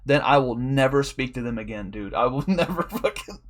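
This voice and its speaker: A man's voice: mid-range voice, expressive, a little fast. A man telling a long, rambling story in a casual, profane way, laughing often as a draft league coach.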